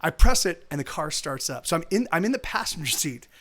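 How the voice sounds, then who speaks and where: A man's voice: a little high, sing-song, brisk, a bit bright. A man telling a story in casual chat on a live stream, rambling and swearing as he corrects himself. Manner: rambling, profane, full of self-corrections.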